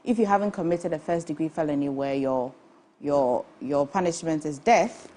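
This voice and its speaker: A woman's voice: deep voice, moderate pace, warm tone. A woman with a Ghanaian English accent hosting a studio panel discussion, probing with questions. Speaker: show host.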